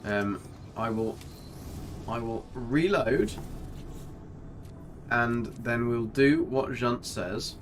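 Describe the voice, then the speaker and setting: Male game streamer, casual rambling banter over faint music. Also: mid-range voice. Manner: chatty, jokey, rambling, reads chat aloud. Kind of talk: casual live-stream commentary.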